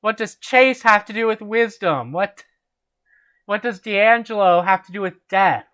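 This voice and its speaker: A man's voice: high voice, unhurried, sharp tone, clean tone. A man hosting a reading of a fan story aloud, chatting and laughing with friends between passages. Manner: amused, laughing reader. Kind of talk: reading aloud and casual chat.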